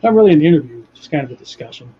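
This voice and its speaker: A man hosting a casual chat while he draws, talking in a relaxed, unhurried way with a dry voice. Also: fairly high pitch, slightly rough. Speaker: host. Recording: muffled lo-fi audio with faint hiss.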